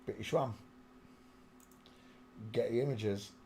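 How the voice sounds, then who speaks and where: A man hosts a live stream from home, talking half to himself and half to the viewers, and he drifts into a line of a song now and then. He speaks at an ordinary middle pitch into a small desk microphone. A faint hum sits under the voice. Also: takes it slowly, gravelly, mellow. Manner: muttering, sings snatches of a song. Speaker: channel host.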